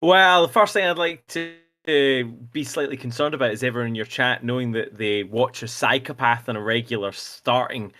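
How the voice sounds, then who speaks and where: A man's voice: mid-range voice, normal speed, few pauses, bright, forceful tone. A man with a Scottish accent, a joking, teasing guest in a casual livestream chat.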